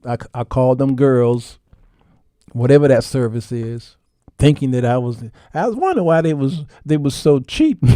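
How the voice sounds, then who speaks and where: Animated, laughing male host. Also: medium pitch, no echo, studio quality. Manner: animated, laughing, addresses listeners as y'all. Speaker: show host. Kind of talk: comic storytelling commentary.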